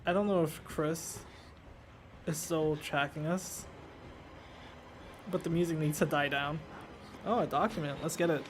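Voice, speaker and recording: Slow-talking giggly let's play gamer. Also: medium pitch, fairly even intonation, slight background noise. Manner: giggly, chatty, talks to viewers.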